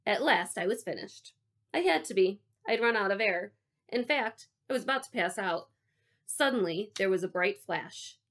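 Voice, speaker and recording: Female storybook narrator, wry first-person read, animated pitch. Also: moderate pace. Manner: wry, dropping to a quiet aside. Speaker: audiobook narrator.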